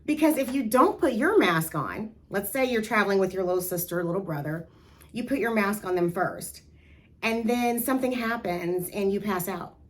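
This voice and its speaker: A woman leads a self-esteem lesson for young girls in a medium-pitched voice. She talks to them directly, coaxing and lively, and has them repeat affirmations out loud. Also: normal speed. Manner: animated, coaxing, asks listeners to repeat affirmations. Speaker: youth self-esteem instructor. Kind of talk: encouraging talk to young girls.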